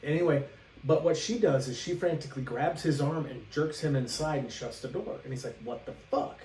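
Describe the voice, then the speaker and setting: A man's voice: on the high side, a little fast, dark tone. Man, podcast co-host, casual rambling storyteller, echoey room, distant mic. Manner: rambling, acts out the characters' lines. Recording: roomy echo, away from the mic, faint hiss.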